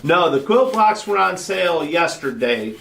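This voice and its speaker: A man reads viewer comments aloud and jokes along in a relaxed, easy way. His voice bounces around an echoey room and comes from some distance off the mic. Noise can be heard clearly behind him. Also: fairly high pitch, unhurried. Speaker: co-host reading viewer comments. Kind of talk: casual livestream chat.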